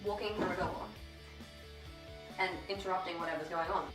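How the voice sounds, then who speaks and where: A woman's voice: lowish voice, fairly even intonation, fairly quick, over music. A teenage girl vlogging to camera in a casual, chatty way, slightly out of breath, swearing freely and laughing often. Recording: echoey room.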